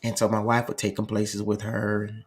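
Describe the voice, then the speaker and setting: A man's voice: fairly low pitch, a little fast. A man telling a family story in casual chat, laughing often and acting out the voices of the people in it. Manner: animated, laughing, acts out voices in stories. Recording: noisy background.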